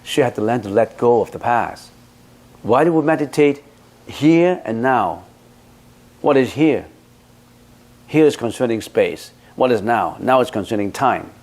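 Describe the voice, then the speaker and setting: A male Buddhist teacher in a question-and-answer dharma talk, with a voice of middling pitch. He talks bluntly and with force. He keeps pressing rhetorical questions on his listener and scolds them. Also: expressive, unhurried, pauses often, darkish tone.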